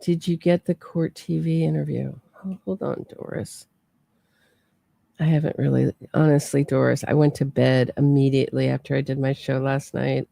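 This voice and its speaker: Chatty woman host with a gravelly voice. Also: very deep voice, flat delivery, normal speed, dark tone, no room sound. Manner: chatty, talks to her chat viewers. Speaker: true crime podcast host. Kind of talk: casual livestream commentary.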